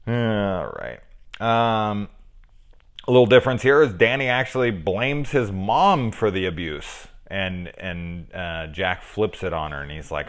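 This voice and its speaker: A middle-aged man giving a casual, profane film review, animated and acting out lines as he goes. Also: lowish voice, normal speed.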